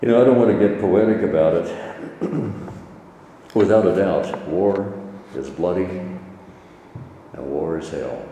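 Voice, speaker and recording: A man preaching a sermon as pastor, earnest and measured, building his points through repeated phrases. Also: deep voice, warm tone, a little hiss or hum. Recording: echoey hall from far off.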